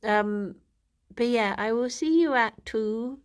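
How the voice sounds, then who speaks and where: Woman, livestreamer, tired, yawny, slow-paced, relaxed chat, lots of ums. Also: on the high side. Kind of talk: casual chat with chat viewers.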